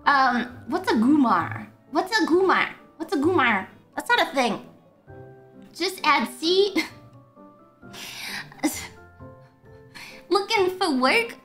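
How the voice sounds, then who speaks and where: A young woman streamer chatting excitedly while playing a game, giggling and swearing freely. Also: high-pitched, slow pace, long pauses, soft background music. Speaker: VTuber streamer. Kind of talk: casual gameplay commentary.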